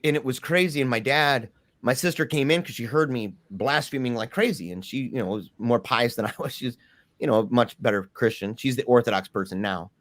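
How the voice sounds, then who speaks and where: A young man telling his personal story in a candid, animated way with slangy asides. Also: medium pitch, a little fast, no room sound.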